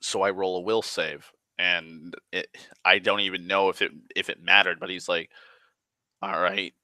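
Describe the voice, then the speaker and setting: A man tells a story from a tabletop game in a loose, rambling way, swearing often and stumbling through restarts. His voice sits low and sounds bright and forceful. The recording is dry and close. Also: steady tone, normal speed, no room sound. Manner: rambling, profane, heavy on "like" fillers and restarts. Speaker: tabletop game player recounting a session. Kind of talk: casual spoken storytelling.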